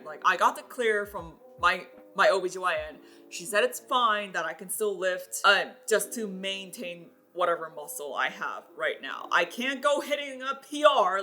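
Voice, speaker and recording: A woman's voice: mid-range voice, bright, forceful tone. A young woman vlogging in a casual chat to the camera, talking freely with many fillers and frequent laughs.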